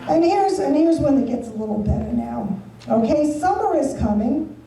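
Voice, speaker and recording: Brash high-voiced woman comic. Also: lively intonation, normal speed, dark tone, slight background noise. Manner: bawdy, brash, chatty with the audience. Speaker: stand-up comedian. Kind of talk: stand-up comedy set. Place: resort event room, live show. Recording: echoey venue from far off, with audience.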